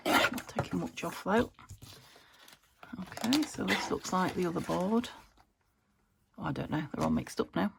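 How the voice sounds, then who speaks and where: A woman's voice: on the low side, lively intonation, a little slow, vocal fry, long pauses, heavy background noise. A woman vlogging about her crafts, chatting casually and thinking aloud as she works, sometimes half-whispering. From United Kingdom. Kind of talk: casual crafting chat to camera.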